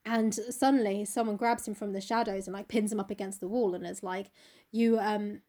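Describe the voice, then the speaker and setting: A woman retelling a novel in casual chat, swearing freely and acting out the characters' lines in quick voices. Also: mid-range voice, steady tone, dark tone. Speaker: book podcast host.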